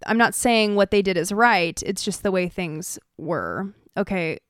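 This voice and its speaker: A woman's voice: medium pitch, unhurried, a bit bright, clean tone, no room sound, studio quality. A woman co-hosting a podcast, reacting to the news in an indignant, exasperated way. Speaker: podcast co-host. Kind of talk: casual political commentary.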